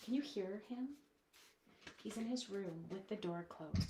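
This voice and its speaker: A woman's voice: medium pitch, measured pace, heavy background noise. A woman chatting casually while demonstrating crafts at her home desk on a live stream, reading out viewers' comments and talking to her supplies.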